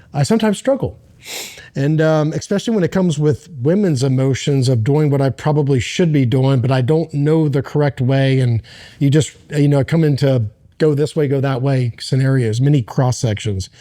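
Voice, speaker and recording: Halting, earnest middle-aged man. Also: a little high, warm tone. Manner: halting, earnest, many restarts. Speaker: interview guest, former Navy SEAL. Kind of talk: candid personal storytelling.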